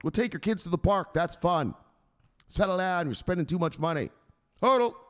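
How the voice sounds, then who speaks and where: A man's voice: high-pitched, lively intonation, normal speed, pitched above the performer's own voice. A man voicing a menacing male enforcer who scolds and barks commands at a frightened investor. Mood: bossy. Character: menacing male crypto enforcer, bullying and bossy.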